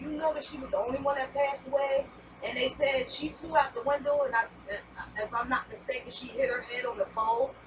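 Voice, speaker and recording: Woman, tarot reader, high voice, rambling, repetitive, profane, distant mic, noisy background. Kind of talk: casual spoken tarot reading.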